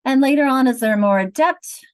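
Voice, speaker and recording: A middle-aged woman leading an online teacher training on reading, explaining each step in a clear, patient teacherly way over a video call. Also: sits high, normal speed, low-quality recording. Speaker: literacy trainer.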